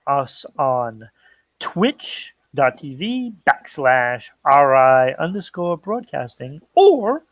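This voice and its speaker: A man's voice: mid-range voice, big pitch swings, slow, no echo. A man co-hosting a casual pop culture talk show, chatty and easygoing, plugging the show's channels and trailing off into restarts.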